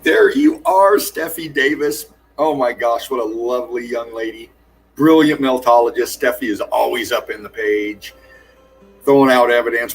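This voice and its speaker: A man hosting a livestream, casually greeting viewers one by one and praising them effusively, with laughs along the way. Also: mid-range voice. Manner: effusive, calls viewers darling, laughs often. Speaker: livestream host. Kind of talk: casual livestream shout-outs. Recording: faint music behind.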